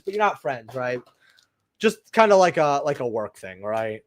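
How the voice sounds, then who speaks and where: Animated young man telling rambling stories. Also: a little high, a little fast, dry recording. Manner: rambling, animated, lots of "right?" and asides. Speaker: channel host opening trading cards. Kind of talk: casual storytelling while opening packs.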